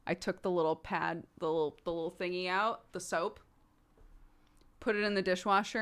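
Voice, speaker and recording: A woman's voice: lowish voice, fairly even intonation, moderate pace, slight background noise. A woman in her thirties, a streamer chatting casually with her viewers, rambling and laughing often. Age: 30s.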